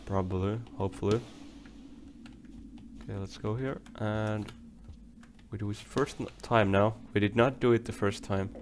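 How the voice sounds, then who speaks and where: A man's voice: fairly low pitch, fairly even intonation, normal speed, pauses often, slight background noise. A young man giving rambling let's play commentary as he plays, talking to himself and swearing when things go wrong. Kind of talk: game commentary.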